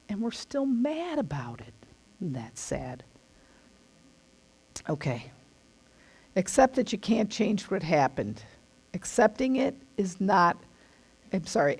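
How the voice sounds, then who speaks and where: A woman's voice: medium pitch, a little mellow. A middle-aged woman giving a casual spoken teaching, earnest and emphatic in a conversational way.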